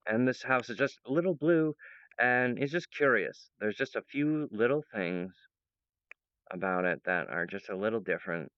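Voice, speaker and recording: A man speaks to his audience in a wandering, earnest monologue, full of fillers and restarts. His voice is smooth and resonant at an ordinary pitch. The recording is dry and somewhat dull. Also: lively intonation, normal speed, a bit bright, no room sound. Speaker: presenter of his own project. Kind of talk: rambling monologue to viewers.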